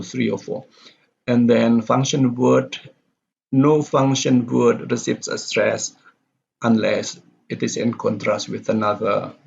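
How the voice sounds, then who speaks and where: A male lecturer explaining step by step in a recorded lesson, halting with fillers and self-corrections, a non-native speaker whose first language is Indonesian. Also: mid-range voice, creaky, darkish tone, slightly rough. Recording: dull lo-fi recording.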